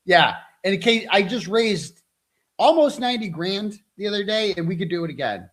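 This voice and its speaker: A man's voice: sits high, animated, moderate pace, a bit bright. A frustrated, overwhelmed man hosting a livestream, ranting in a profane, combative, taunting way. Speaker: livestream host. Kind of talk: angry livestream rant.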